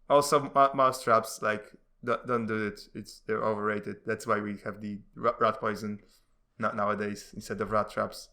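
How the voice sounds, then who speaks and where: A man casually reading comic strips aloud, giving the characters quick voices and breaking off into rambling, laughing commentary. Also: mid-range voice, bright, forceful tone. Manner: reads dialogue with shifting voices, laughs often, rambling asides.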